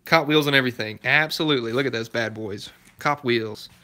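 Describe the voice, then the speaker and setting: Speaking fast in a bright, forceful, mid-pitched voice, a Southern US man who restores cars on YouTube goes live from his workshop. He reads out viewers' comments and responds casually and chattily, chuckling now and again.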